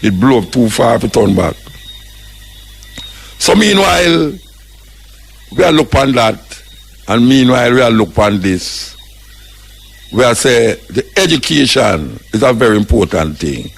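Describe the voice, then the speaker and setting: Gravelly Jamaican man preaching on radio. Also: medium pitch, sing-song, unhurried, pauses often. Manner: impassioned, preaching, mixes patois with English. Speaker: radio host. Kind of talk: radio talk commentary.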